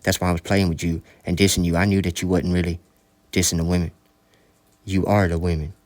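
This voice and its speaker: A man with a very deep, low voice holds forth in a rambling monologue. He sounds preachy and profane, circling back on his points as he lectures. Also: flat delivery, fairly quick, darkish tone.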